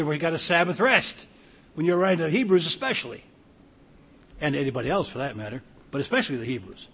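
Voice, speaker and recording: A man's voice: mid-range voice, slightly rough. A man preaching a sermon, reading scripture aloud and adding earnest plain-spoken asides.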